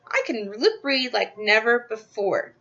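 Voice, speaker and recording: A woman's voice: a little high, lively intonation, measured pace, vocal fry, bright, forceful tone, dull audio. A woman reading a children's book aloud in the first person, expressively, into a webcam microphone. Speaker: reader. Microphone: built-in computer webcam mic.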